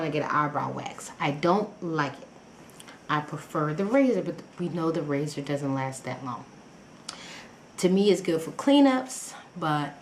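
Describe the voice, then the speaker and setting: Chatty woman rambling in an echoey room. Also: on the low side. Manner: rambling, chatty storytelling with many fillers and restarts; acts out her own past reactions in quoted asides. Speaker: vlogger. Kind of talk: casual personal story vlog. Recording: echoey room with faint background noise.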